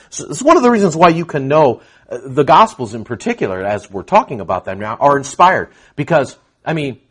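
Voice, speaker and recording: Animated, fairly high-voiced male preacher. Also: slightly rough. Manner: animated, shifts from quiet explanation to loud emphatic outbursts. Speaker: pastor. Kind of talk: expository sermon.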